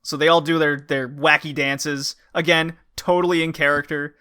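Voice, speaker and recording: A man's voice: fairly high pitch, moderate pace, smooth. A man hosting a podcast, recapping wrestling episodes in casual chat and acting out wrestlers' lines. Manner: animated, acts out wrestlers' lines in put-on voices. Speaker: podcast host.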